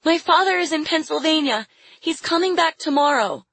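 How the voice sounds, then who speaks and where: A woman doing a terrified little girl's high plea. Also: animated, moderate pace, fairly bright tone, no echo. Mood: pleading. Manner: high, shrill, pleading. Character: terrified little girl, pleading and desperate.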